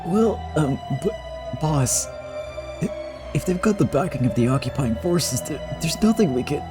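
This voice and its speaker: A man's voice: fairly high pitch, animated, a little slow, over music, voice pushed up. A man voicing a nervous male henchman who stammers and hesitates, in a game playthrough.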